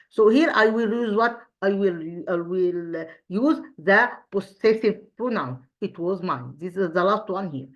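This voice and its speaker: A woman teaching an English grammar review lesson, pausing often and repeating herself, asking rhetorical questions as she goes. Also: mid-range voice, lo-fi sound. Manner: hesitant, frequent fillers and restarts.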